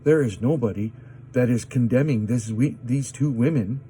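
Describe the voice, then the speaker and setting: A man telling a personal story in an agitated, indignant way, with many pauses. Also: medium pitch, dark tone, slight background noise. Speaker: vlogger. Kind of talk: personal story told to camera.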